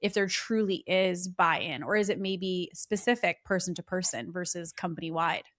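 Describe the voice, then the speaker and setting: A woman's voice: fairly low pitch, normal speed, no room sound, clean studio sound. A woman hosting a podcast interview who thinks aloud as she frames her questions. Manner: thinking aloud, many fillers. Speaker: podcast host. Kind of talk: conversational interview.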